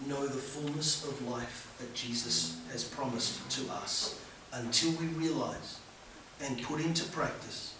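A man preaching a sermon as a visiting preacher, moving between loud fervent appeals and hushed soft passages. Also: fairly high pitch, background noise. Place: church hall. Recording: echoey church from far off.

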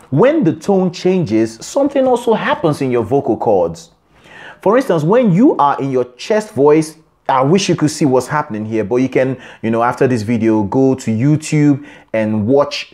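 A singing coach with a mid-range, slightly mellow voice teaches a vocal lesson. He explains in short phrases and sings examples to illustrate.

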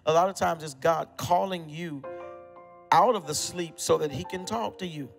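A high-pitched male pastor with a gravelly edge preaches emphatically, leaning on repetition and sudden hushes. His voice rings out in a long-reverb hall with soft music underneath. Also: normal speed. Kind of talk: sermon.

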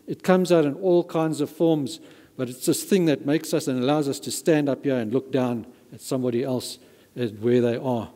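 In a reverberant church hall, a pastor with a medium-pitched, dark-toned voice preaches a sermon at normal speed. He is emphatic and repeats words to stress them.

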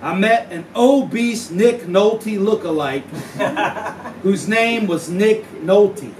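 A man telling a profane tall tale live, in a drawling deadpan manner broken by sudden yelps. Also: sits high, extremely slow, recorded from a distance, slight background noise. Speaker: storyteller. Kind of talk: live spoken-word storytelling over guitar. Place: live venue. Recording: roomy live recording from off mic. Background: plucked guitar music.

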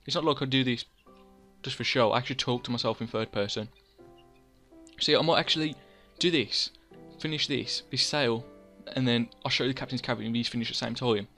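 Man, casual gameplay chatter, self-mocking, rambling, mid-pitched voice. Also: fairly quick, bright, forceful tone, faint music behind. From England. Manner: rambling, self-mocking, talks to himself in third person. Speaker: gaming channel host.

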